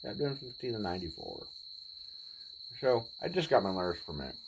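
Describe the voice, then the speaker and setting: A man in his forties, telling a personal story in a laid-back, rambling way with pauses. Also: lowish voice, big pitch swings, vocal fry, a little hiss or hum, rough recording. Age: 40s. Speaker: vlogger. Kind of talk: casual storytelling.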